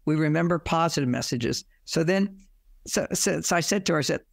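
A man's voice: on the high side, a little fast, gravelly, no room sound, studio quality. A man who writes on relationships, giving advice through personal stories, acting out what people said and chuckling as he goes. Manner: animated storytelling, acting out quoted lines, chuckling. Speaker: relationship author.

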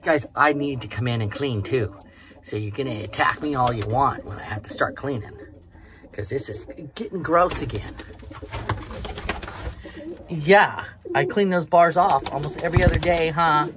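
Clucking chickens and birdsong make the background noisy as this woman narrates her farm chores for a vlog. She talks casually to viewers and alternately scolds and coaxes her hens, her voice sitting low at a moderate pace.

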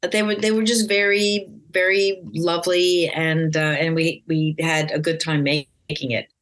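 Low-voiced woman telling career stories. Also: level tone, moderate pace. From United States. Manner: rambling, warm storytelling with many fillers and restarts. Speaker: actress guest. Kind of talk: casual interview chat.

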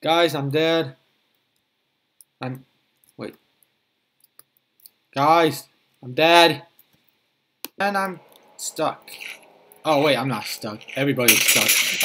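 A man hosting his own gaming channel, giving flustered, excitable let's-play commentary that often repeats itself. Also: fairly high pitch, takes it slowly, pauses often, noisy background.

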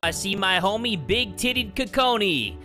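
A man giving excitable let's-play commentary, swearing often and breaking into shouts and laughter. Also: high-pitched, measured pace, soft background music. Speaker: gaming YouTuber.

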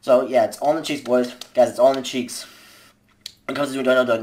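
Very deep-voiced young woman vlogging. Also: steady tone, fast, a little mellow, slight background noise. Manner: rambling with many fillers and restarts. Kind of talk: casual amateur tips video.

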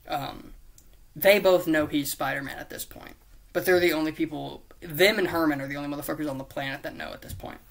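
A man's voice: fairly high pitch, steady tone, a little fast, creaky, a bit bright. A man talks his way through a long idea off the cuff. He swears constantly, loses his train of thought, and laughs at himself. The delivery is loose and unpolished, like a solo video chat. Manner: profane, rambling, self-mocking, with silly put-on voices. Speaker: YouTuber pitching a movie idea. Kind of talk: rambling casual monologue.

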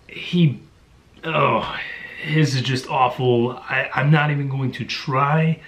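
A man reviewing books in a casual monologue. He talks bluntly and sounds exasperated, with frequent ums and uhs. His voice sits at an average pitch for a man. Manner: blunt, exasperated, with many fillers. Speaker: book reviewer.

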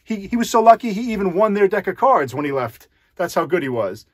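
In a high voice with big pitch swings and a slightly fast pace, a man who performs magic explains a card scam to the camera, step by step. He keeps it conversational and addresses the viewer directly, on a studio-quality recording without room sound.

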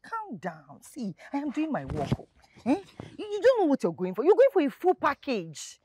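Nigerian pidgin fixer lady, coaxing, calming, very animated pitch, dry sound. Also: moderate pace, dry recording. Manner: coaxing, soothing, repetitive. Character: smooth-talking Nigerian female matchmaker, coaxing.

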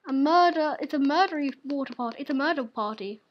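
A woman's voice: high voice, lively intonation, fast, dull audio. A young woman, in her teens, hosting a casual gaming video with chatty, giggly, teasing talk. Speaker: gaming channel host.

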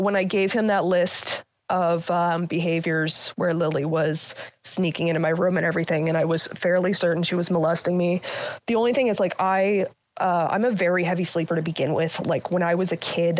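Woman guest, 30s, low-pitched, blunt and sweary, dry close mic. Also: fairly even intonation, moderate pace, no echo. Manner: blunt, frequent swearing, many fillers. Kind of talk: candid personal storytelling.

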